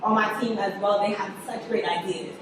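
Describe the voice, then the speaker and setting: Brisk and medium-pitched, the young woman, a guest writer and director, chats in an easygoing interview, animatedly spinning stories, acting out quotes, and laughing frequently. It's captured in an echoey room on a distant mic, with background noise.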